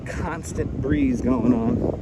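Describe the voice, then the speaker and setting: A man's voice: medium pitch, steady tone, slow pace. A man hosting a live walking stream on a beach, chatty and a little out of breath, greeting viewers by name over a clip-on mic. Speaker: livestream host. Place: outdoors on a windy beach. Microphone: wireless clip-on mic. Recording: wind noise on outdoor mic.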